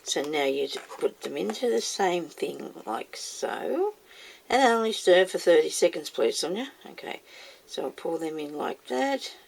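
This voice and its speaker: A woman's voice: lowish voice, big pitch swings, a little slow, vocal fry, darkish tone. A woman chatting casually as she demonstrates making moulds, talking herself through each step and scolding herself by name. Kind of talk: casual how-to video.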